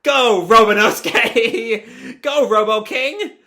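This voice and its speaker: A man's voice: on the high side, huge pitch swings, moderate pace, sharp tone, heavily acted. A man voicing a reckless, cheerful young male pirate while reading a comic aloud. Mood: playful.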